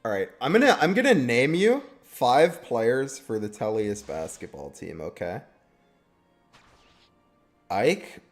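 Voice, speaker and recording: A young man talks loosely over a game stream, wandering through his thoughts with plenty of ums and trailing sentences. His voice sits at an ordinary middle pitch, with faint music underneath. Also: sing-song, slow pace, long pauses. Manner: rambling, trailing off with fillers. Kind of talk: casual stream chat.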